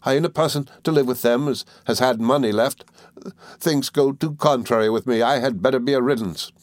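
A man's voice: mid-range voice, brisk, dry recording, studio quality, pitched above the performer's own voice, lightly acted. A man voicing a gloomy, self-pitying old widow who whines and mourns. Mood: mournful. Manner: whiny, mournful complaining.

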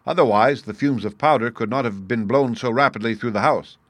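A man reading a sharp, middle-aged male detective who explains his reasoning in a measured, assured way. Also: medium pitch, no room sound, lightly acted. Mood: explaining. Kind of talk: audiobook character reading.

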